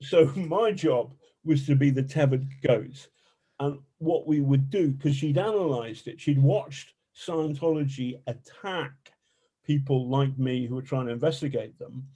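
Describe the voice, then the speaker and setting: Warm-voiced man telling stories. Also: medium pitch, a little slow, husky. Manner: animated, colorful, swears freely. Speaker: investigative journalist, guest. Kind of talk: casual storytelling interview.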